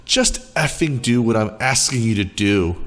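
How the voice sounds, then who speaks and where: A man's voice: medium pitch, expressive, a little slow, a bit bright, soft background music. A man voicing a rude, impatient entitled mother who snaps, swears and makes demands, in a storytelling video. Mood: impatient, snapping.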